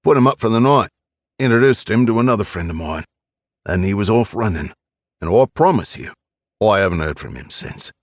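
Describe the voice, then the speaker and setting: Play a wry old Cockney ex-captain, sixties, deep and low, with a lively swinging delivery, playing dumb behind every answer; a man narrator puts him on. Keep it close and dry, like a storybook read straight to the mic. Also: moderate pace, no echo. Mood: wry, evasive. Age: 60s. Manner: dry, evasive, jokey. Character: retired Cockney special forces captain, older man, wry.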